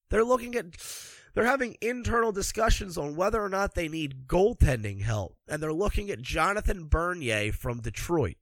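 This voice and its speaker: A man's voice: on the high side, fairly bright tone, no echo. Profane, ranting man with dry sound. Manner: angry, sarcastic, swears constantly. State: congested from allergies. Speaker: hockey commentator. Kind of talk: profane ranting sports commentary.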